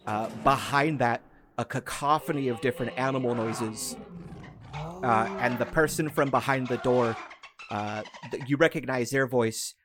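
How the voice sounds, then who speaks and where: A man's voice: medium pitch, measured pace, background noise. A man narrating a tabletop game as game master, casual and full of filler words.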